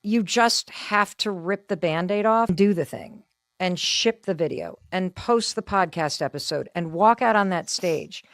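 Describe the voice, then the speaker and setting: A woman in her fifties, telling stories in a casual chat in an animated, self-deprecating way and acting out what people said. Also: on the low side, measured pace, no room sound, studio quality. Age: 50s. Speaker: guest.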